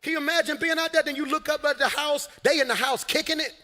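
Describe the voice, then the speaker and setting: A man preaching a lively sermon from a church stage, shouting, laughing and talking to his congregation. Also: very high-pitched, fast. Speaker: pastor. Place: large church hall on stage. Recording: long hall reverb.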